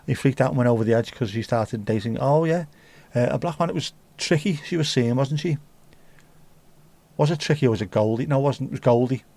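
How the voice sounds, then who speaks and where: A man hosting a relaxed livestream chat in a middle-pitched voice. He riffs in crude, joking banter and swears freely. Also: brisk, vocal fry. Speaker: livestream host. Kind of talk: casual pub-style livestream chat.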